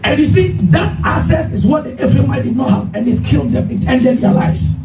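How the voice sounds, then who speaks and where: A man's voice: very high-pitched, very animated, brisk. A man preaching a sermon as pastor, emphatic and calling the congregation to repeat after him. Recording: echoey hall, distant mic, music behind.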